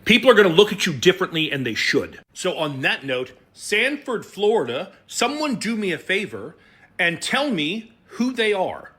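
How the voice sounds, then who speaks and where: A man's voice: sits high, big pitch swings, normal speed, bright, forceful tone. A man giving blunt, profane commentary, telling a story before turning angry. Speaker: online commentator.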